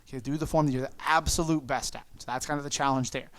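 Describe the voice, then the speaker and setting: A man's voice: medium pitch, fairly even intonation, fast talker, no echo. A man teaching an online kids' martial arts class, calling out moves, counting and encouraging the students. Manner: coaching, encouraging, calls out moves and kiai shouts.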